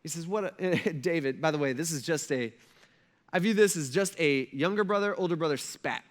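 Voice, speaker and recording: A man's voice: on the high side, brisk. A young adult man, a pastor preaching a sermon in a casual, humorous storytelling way.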